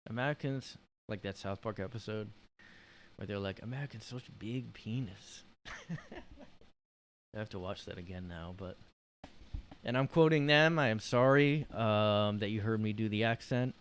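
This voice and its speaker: A man's voice: lowish voice, moderate pace, a little hiss or hum. A man hosting a casual solo podcast from his room, rambling and joking with lots of fillers. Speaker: podcast host.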